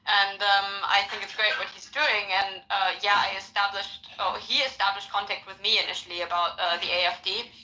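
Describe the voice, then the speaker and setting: A woman in casual podcast conversation, animated, often laughing as she tells a story. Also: medium pitch, fairly quick, few pauses, roomy sound, slight background noise, low-quality recording. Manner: animated, laughs while telling stories.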